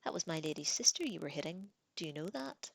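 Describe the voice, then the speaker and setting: A woman's voice: low voice, expressive, fast talker, gravelly, breathy edge, dry recording, heavily acted. A woman voicing a cruel sneering teen prince. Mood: taunting. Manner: sneering, taunting. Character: cruel arrogant teenage prince, boy.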